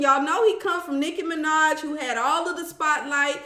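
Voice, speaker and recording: A woman's voice: high voice, measured pace, long pauses, roomy sound. A woman hosting a casual live stream, talking straight to her viewers and reading their comments aloud. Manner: chatty and animated, talks straight to viewers, reads comments aloud. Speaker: live-stream host recapping a reality show.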